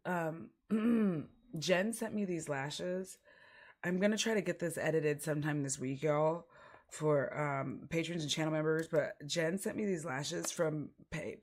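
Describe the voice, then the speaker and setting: A woman chats casually on a livestream, rambling from thought to thought with frequent giggles and fillers. Her voice sits low with a gravelly fry. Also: measured pace. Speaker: streamer.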